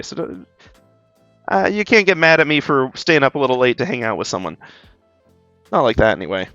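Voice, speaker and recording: A man's voice: mid-range voice, fairly bright tone, dry recording, muffled recording. A tired but bubbly man chatting casually while he draws on stream, rambling with lots of ums and little laughs. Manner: rambling, upbeat, chuckles, many ums. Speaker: art streamer.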